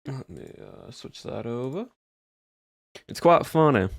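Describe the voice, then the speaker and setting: Putting on a Southern US drawl, a young man roleplays a cowboy on stream, chatting in a relaxed, folksy way with meandering asides. His mid-range voice swoops wildly in pitch and moves slowly, sounding creaky with a breathy edge, and there's no echo.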